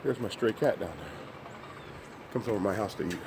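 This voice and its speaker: A man's voice: lowish voice, animated, fairly quick, background noise. An older man doing a motivational fitness vlog while climbing stairs, slightly winded, upbeat and coaxing as he talks straight to viewers. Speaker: fitness vlogger.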